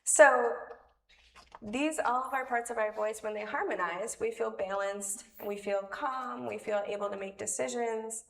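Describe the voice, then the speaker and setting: A woman's voice: fairly high pitch, unhurried, gravelly, a bit bright. A woman leading a children's time in a worship service, speaking in a chatty, playful way with small laughs. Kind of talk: friendly talk to children in a service. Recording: echoey room from far off, faint noise.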